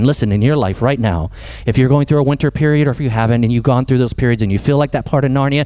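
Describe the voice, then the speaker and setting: A man preaching a sermon as pastor, impassioned and dropping low for emphasis. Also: quick pace, hardly any pauses, warm tone.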